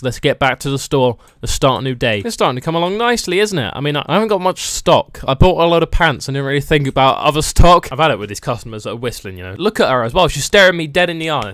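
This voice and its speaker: A man's voice: medium pitch, fairly bright tone, dry recording, studio quality. A man doing comedic let's-play commentary, sarcastic and playfully rude, bursting into mock outrage. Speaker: gaming YouTuber.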